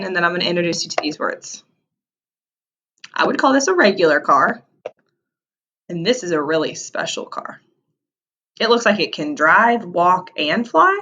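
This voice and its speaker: A woman's voice: medium pitch, big pitch swings, unhurried, fairly bright tone. A woman teaching a vocabulary lesson to young children, stretching out key words for emphasis.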